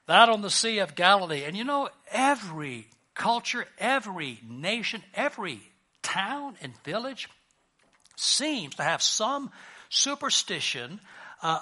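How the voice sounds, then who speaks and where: Pastor, male; high, forceful voice; casual joking sermon delivery. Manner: conversational and lightly joking, with frequent restarts.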